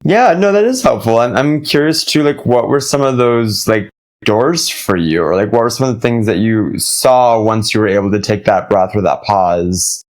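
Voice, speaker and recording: A man's voice: lowish voice, expressive, moderate pace. A man hosting an interview who asks thoughtful questions and searches for his words as he goes. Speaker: host.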